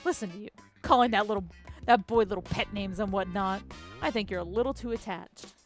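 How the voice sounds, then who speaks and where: A woman voicing a gruff, overprotective middle-aged father who speaks in a firm, flat tone. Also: medium pitch, brisk, soft background music, close to an everyday voice. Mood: grumbling.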